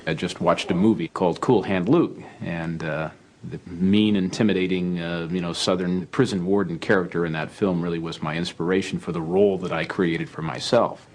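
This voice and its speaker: A man's voice: low-pitched, steady tone, normal speed, slight background noise. A man recalling his role in an experiment, candid and plainspoken, in an interview. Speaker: former participant interviewed. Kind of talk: interview recollection.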